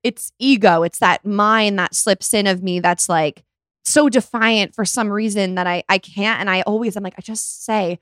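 Young woman podcast host, chatty, acts out quotes, mid pitch, dry close mic. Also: brisk, no room sound. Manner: animated storyteller who acts out quotes. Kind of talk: casual chat.

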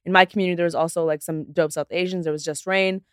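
A woman in her thirties from Canada chats as a podcast guest, rattling off stories at a rapid clip. She mimics other people as she tells them. Her voice sounds close and dry, with no room around it. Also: on the low side, steady tone, clean tone, no echo. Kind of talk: casual podcast chat.

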